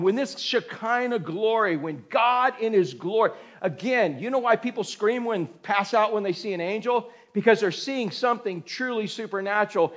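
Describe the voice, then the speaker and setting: A middle-aged pastor with a high voice preaches a sermon in a folksy, animated way. He acts out scenes with sudden shouts and calls his listeners man and dude.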